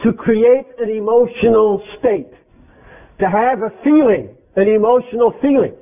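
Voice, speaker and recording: A high-pitched man preaches an interactive sermon at a measured pace, speaking emphatically and quizzing his congregation with questions. The recording is tinny, phone-like and lo-fi.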